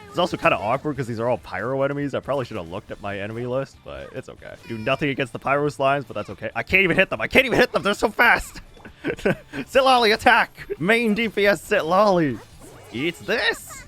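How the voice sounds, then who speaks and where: Casual streamer, male, mid pitch, chatty and expressive, laughs a lot; soft game music underneath. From United States. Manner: chatty, laughs often, animated reactions. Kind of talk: casual gameplay commentary.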